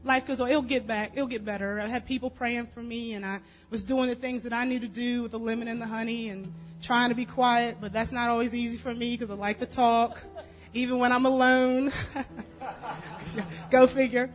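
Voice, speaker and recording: A woman's voice: on the high side, steady tone, normal speed, low-quality recording. A woman giving a personal testimony at a church service, telling her story casually with lots of fillers. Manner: chatty, storytelling, many fillers.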